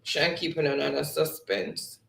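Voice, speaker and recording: A man hosts a quiz stream, reading out the players' chat answers and laughing along. His voice sits high and he takes his time. The room around him is noticeably echoey. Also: lively intonation, measured pace, gravelly, a bit bright. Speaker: game show host. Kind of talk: live-stream quiz hosting.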